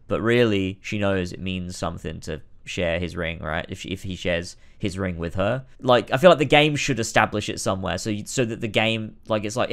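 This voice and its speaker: A man streaming a game, rambling commentary that breaks into shouting rants. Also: fairly low pitch. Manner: rambling, many restarts, bursts into shouting rants. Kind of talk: casual let's-play commentary.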